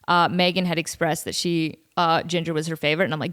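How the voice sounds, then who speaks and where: A woman in her thirties hosting a podcast from a home studio, telling a funny story in a lively, jokey way with mock quotes. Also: low voice, quick pace, hardly any pauses, clean tone. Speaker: podcast host. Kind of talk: casual comedic monologue.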